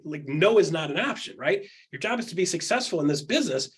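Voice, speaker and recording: A man talks through coaching advice in a casual, punchy way. His voice sits somewhat high for a man and has a husky, breathy grain. He is emphatic and blunt, and he slips into quick put-on voices when he quotes people. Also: big pitch swings. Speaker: podcast host.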